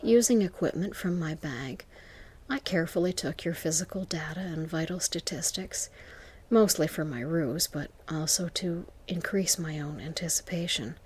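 A woman narrating an intimate whispered role-play to the listener, in a soft, slow, seductive whisper. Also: low voice, breathy edge.

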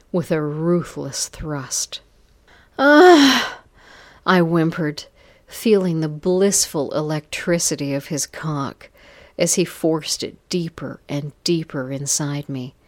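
A woman with a low voice reads an intimate story at an unhurried pace. Her delivery is breathy and drawn out, often sinking to a whisper. The recording is close and dry. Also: darkish tone, no room sound. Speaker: narrator. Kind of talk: scripted erotic story narration.

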